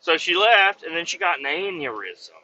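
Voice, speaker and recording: A man's voice: on the high side, sing-song, normal speed, bright, forceful tone, a little hiss or hum. A man who drives trucks, telling rambling stories in a crude, profane, joking way. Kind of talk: rambling casual storytelling. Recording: dull lo-fi sound.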